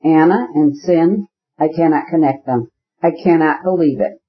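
Guy reading worried pleading woman, earnest, in a slightly high voice, lo-fi muffled audio. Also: moderate pace, natural voice. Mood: distressed. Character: anxious, pleading woman defending her friend. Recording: dull lo-fi recording.

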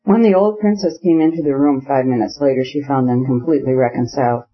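A man reading a classic novel aloud as an audiobook narrator, measured and even. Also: mid-range voice. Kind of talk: scripted narration. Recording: slightly muffled audio.

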